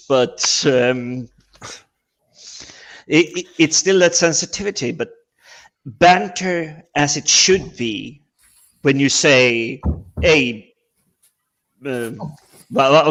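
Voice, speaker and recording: A man's voice: medium pitch, fairly bright tone. A man chatting casually on a video call as a panel guest, often stumbling and repeating words as he talks.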